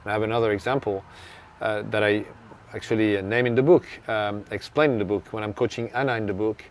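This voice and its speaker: A man's voice: lowish voice, steady tone, quick pace. A man with a French accent, a tennis coach telling a story in an interview, earnest and reflective. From France. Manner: earnest, reflective, acts out remembered dialogue.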